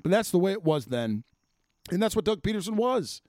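A man's voice: high-pitched, very animated, a little fast, a little mellow, dry recording, studio quality. Profane, exasperated sports podcast man. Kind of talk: casual sports rant.

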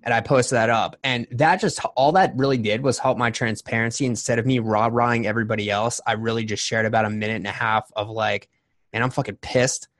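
Brief: forties male podcast host, mid-pitched, candid and rambling. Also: steady tone, fast talker, hardly any pauses, fairly bright tone. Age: 40s. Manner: candid, rambling storytelling with many restarts. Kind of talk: casual interview chat.

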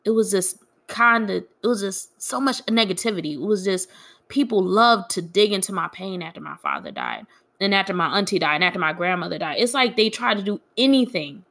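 Young woman, bright voice, grieving, candid personal vlog storytelling. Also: mid-range voice, big pitch swings, brisk. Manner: candid, frank, quietly aggrieved.

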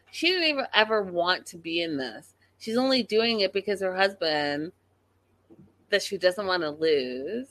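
A woman recapping a reality show in an animated, gossipy way, talking straight to her viewers. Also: medium pitch, no room sound.

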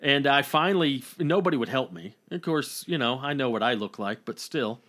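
A man's voice: medium pitch, expressive, moderate pace, fairly bright tone. A male comedian co-hosting a podcast, telling rambling anecdotes in casual chat, with frequent profanity.

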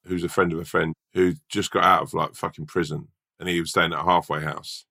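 A man with a very low, gravelly voice that still has a bright edge. He is a hungover stand-up comic, swearing freely as he tells a story in an easy chat. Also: level tone, a little fast. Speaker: stand-up comedian. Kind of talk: casual podcast chat, anecdote.

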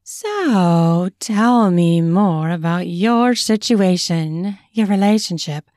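A proud, self-assured hostess speaks in a mellow, inviting tone in an audiobook reading, as a woman voices her. The recording is dry and close. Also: on the low side, expressive, slow pace, no room sound. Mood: confident. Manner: confident, inviting. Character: confident, proud woman hosting a party.

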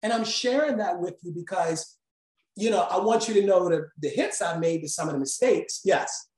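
A woman instructor leads a live class with animated storytelling. She acts out quotes with lively swings in voice. The room is echoey. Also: lowish voice, moderate pace. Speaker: communication instructor.

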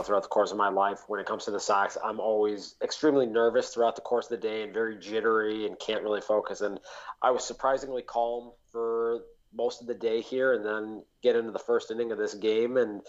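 A man's voice: lowish voice, highs cut off. A man co-hosting a sports podcast, talking in a glum, rambling way. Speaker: podcast co-host. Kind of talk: casual sports podcast chat.

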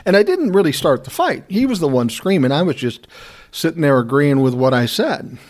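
A middle-aged man spins a casual personal tale with a wry, smart-aleck edge, chuckling often. His voice sits a little high and swings around a lot in pitch. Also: very animated, brisk. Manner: wry, laughing, self-described smart aleck. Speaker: storyteller. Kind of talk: casual storytelling.

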